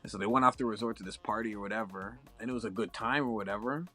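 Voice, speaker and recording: A man's voice: lowish voice, very fast, pushed and bright, faint music behind. A young Canadian man telling a long story in a casual chat, profane and full of slang.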